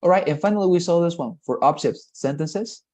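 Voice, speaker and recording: Guy teaching english, mellow low voice, keeps saying right?. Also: brisk. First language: Spanish. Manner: explains step by step, often checks with "right?". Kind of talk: online class explanation.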